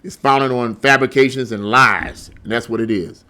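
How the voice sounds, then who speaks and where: A man's voice: medium pitch, steady tone, normal speed, sharp tone. A middle-aged man giving blunt, heated solo commentary, often repeating words as he gets worked up. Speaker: political commentary host.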